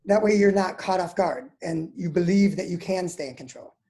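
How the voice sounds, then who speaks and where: A middle-aged man, a psychologist, giving advice in an interview in a calm, measured way. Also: sits high.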